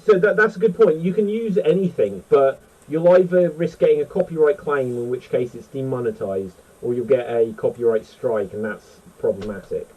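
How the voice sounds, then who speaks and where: A man's voice: mid-range voice, moderate pace, hardly any pauses, dark tone, husky, far from the mic, lo-fi sound. A man hosting a casual online panel chat, rambling and correcting himself as he talks. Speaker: host.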